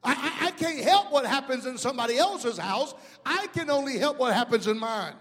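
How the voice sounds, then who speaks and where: High-voiced preacher man in an echoey hall. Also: expressive, brisk, fairly bright tone. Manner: preaching with call-outs to the congregation. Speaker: pastor. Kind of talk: sermon.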